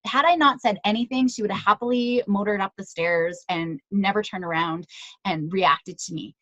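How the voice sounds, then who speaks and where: A woman speaks to a room of parents in an easy, conversational way, often tossing in quick check-ins and stories from her own family. Her voice sits in a mid pitch. The recording is dry and close, with little room sound. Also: bright, forceful tone, no room sound. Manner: conversational, tag questions and personal anecdotes. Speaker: child psychologist giving a talk to parents. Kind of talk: presentation to parents.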